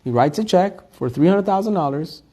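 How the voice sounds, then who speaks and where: A rabbi tells a story in a sermon with a somewhat high-pitched male voice. He narrates with animation and slips into the voices of the people in the story. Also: moderate pace, breathy edge. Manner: animated storyteller who acts out the characters' quoted lines.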